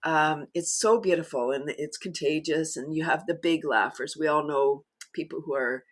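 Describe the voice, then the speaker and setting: A woman guest in a casual interview, talking enthusiastically and laughing often as she explains. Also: moderate pace. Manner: animated storyteller, bursts higher and louder when excited. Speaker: guest, laughter yoga teacher.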